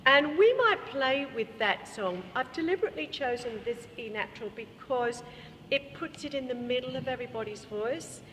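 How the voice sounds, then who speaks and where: A woman's voice: a little high, fairly bright tone. An Australian woman leading a choir workshop, explaining vocal technique and singing short examples. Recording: reverberant hall, faint room noise.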